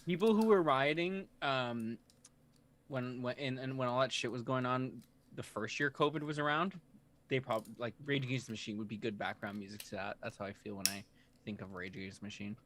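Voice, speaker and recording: A man's voice: mid-range voice, a little fast, fairly bright tone. A man co-hosting a podcast in casual chat, rambling and hesitant as he reads out listener questions. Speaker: podcast co-host.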